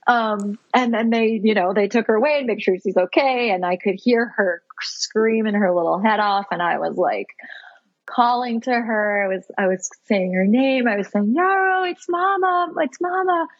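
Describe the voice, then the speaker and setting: A woman's voice: medium pitch, moderate pace, no echo, highs cut off. A woman in her thirties, a podcast guest, telling a personal story in an earnest, heartfelt, self-reflective way.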